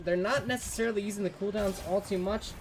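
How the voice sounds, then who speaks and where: A man casting an esports match, shouting on big plays and laid-back in the banter between. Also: high voice, fairly even intonation, quick pace, noisy background. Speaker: esports caster. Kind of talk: esports play-by-play commentary.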